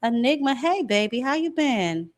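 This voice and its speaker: A woman's voice: high-pitched, big pitch swings, normal speed. A woman hosting a boxing live stream in casual chat, sassy and playful, greeting viewers as baby and y'all. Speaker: boxing show host.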